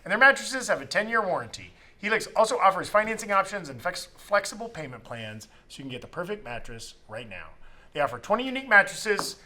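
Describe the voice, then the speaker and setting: A man hosting a podcast, reading a sponsor ad in a joking, animated way. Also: high voice. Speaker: podcast host. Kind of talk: casual chat with a live ad read.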